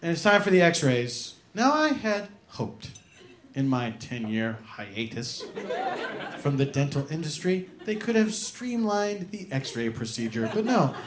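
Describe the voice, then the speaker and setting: A man doing a stand-up comedy set, animated and acting out indignant voices. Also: a little high, measured pace. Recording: echoey live room with audience noise.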